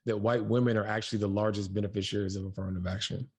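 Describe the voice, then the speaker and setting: Fast-talking low-voiced man. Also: breathy edge. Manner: rapid, animated, joking asides. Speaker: podcast co-host. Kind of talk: casual discussion.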